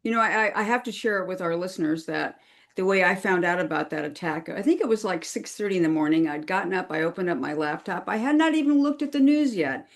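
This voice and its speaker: A woman guest on a podcast interview, explaining things in an earnest, chatty way. She talks in a relaxed conversational flow, full of fillers and small restarts. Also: on the low side, quick pace. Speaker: crisis management consultant, podcast guest.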